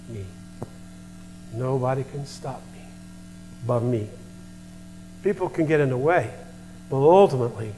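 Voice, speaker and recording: A man's voice: mid-range voice, noisy background. Older preacher man in an echoey hall. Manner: impassioned preaching with repeated rhetorical questions; folksy storytelling asides. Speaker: pastor. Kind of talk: sermon.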